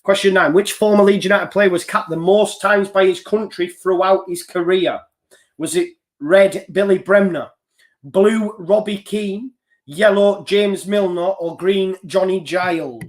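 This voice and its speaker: A man runs a live quiz and chats easily between questions. He lists the answer options in a steady rhythm and laughs off his own slips. His voice sits a little high for a man. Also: unhurried. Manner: chatty, reads answer options in a steady list; loose and self-deprecating, with small slips. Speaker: quiz host. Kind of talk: live online quiz hosting.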